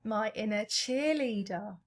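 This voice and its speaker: In a medium-pitched voice, a woman leads a guided EFT tapping exercise, gently calling out each point at an unhurried pace.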